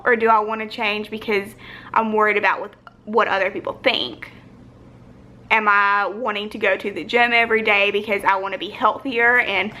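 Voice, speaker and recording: A woman's voice: mid-range voice, sharp tone. A young woman vlogging casually at home, rambling and reflective, with lots of filler "likes". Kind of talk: casual personal vlog. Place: home, sitting on the floor. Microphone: phone or camera, battery low.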